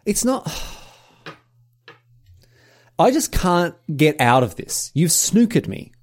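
A man's voice: high voice, sing-song, very slow. A man co-hosting a podcast, ranting in exasperation in casual chat, with many restarts. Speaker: podcast co-host.

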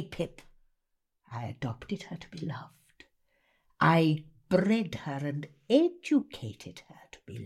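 A woman's voice: deep voice, full character voice. A woman performing Miss Havisham, fierce and whispering. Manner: intense, commanding, with sudden whispers. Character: bitter, vengeful old jilted spinster.

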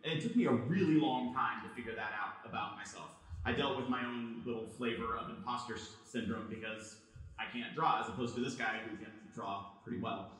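A man's voice: mid-range voice, fairly quick, fairly bright tone, recorded from a distance. A man hosting a podcast and giving a chatty, self-deprecating talk about his career. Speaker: podcast host and design leader. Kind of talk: conversational podcast talk and live conference presentation. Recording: very echoey room.

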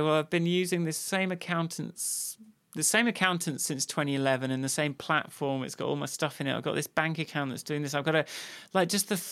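Man, podcast co-host, rambling casual talker, slightly raised pitch. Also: fairly bright tone. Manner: rambling, full of restarts and fillers. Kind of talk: casual chat.

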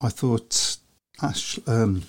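Speaking extremely slowly in a mid-range voice, a man co-hosts a podcast, chatting casually about speedway as he reads out scores and listener comments.

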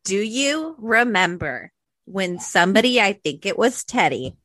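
A woman co-hosts a casual gossip podcast with a bright, forceful voice. She jumps in excitedly and punctuates her points with swearing. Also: medium pitch, a little slow, dry recording. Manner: excitable, emphatic, swears freely. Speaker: podcast co-host.

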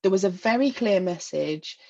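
A woman's voice: medium pitch, lively intonation, normal speed, vocal fry, mellow, highs cut off. A woman from Northeast England with a Northeast English accent, talking frankly and self-deprecatingly as a guest in an interview. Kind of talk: candid personal interview.

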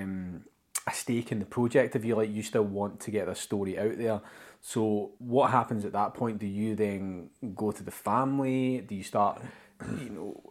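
A man interviewing a guest, asking questions in a thoughtful, slightly hesitant way. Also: on the low side.

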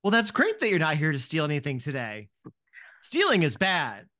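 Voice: mid-range voice, wildly swooping pitch, normal speed, pushed and bright. A game master voicing a cheerful, fussy creature farm manager with a clipboard, full of encouraging praise. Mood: polite. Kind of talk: tabletop role-play.

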